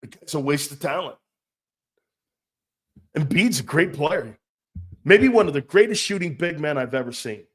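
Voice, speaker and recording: Male sports radio host with a slightly high voice, blunt, profane, mocking. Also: animated, unhurried, pauses often, slightly rough. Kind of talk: sports talk show rant.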